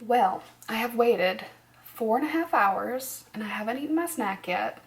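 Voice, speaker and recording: A woman's voice: a little high, lively intonation, measured pace. A tired woman vlogging at home in casual chat, rambling, laughing often and dropping to near-whispers.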